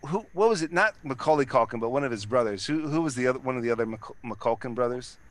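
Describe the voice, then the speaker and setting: A man's voice: mid-range voice, animated, fast talker. A man in casual chat, rambling and swearing, with many restarts and fillers.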